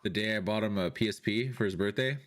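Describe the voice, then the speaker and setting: A young man co-hosting a podcast, telling stories in casual chat and joking around. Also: fast talker. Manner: joking, acts out quotes in high voice. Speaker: podcast co-host.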